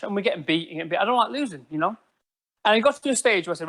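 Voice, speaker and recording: A man tells stories in a casual podcast chat. He is animated and swears freely, with a fairly high voice that carries a lot of feeling. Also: quick pace. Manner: animated storytelling, swears often. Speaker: podcast guest.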